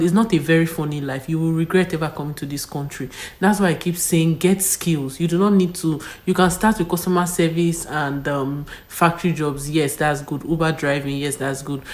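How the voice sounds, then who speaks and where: Low-voiced woman vlogger, firm and lecturing. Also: darkish tone. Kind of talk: advice monologue to camera.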